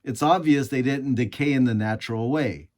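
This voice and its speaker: A man's voice: mid-range voice, moderate pace, a little mellow. A man from the United States reading scripted political commentary, sarcastic and indignant, full of rhetorical questions. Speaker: commentary host.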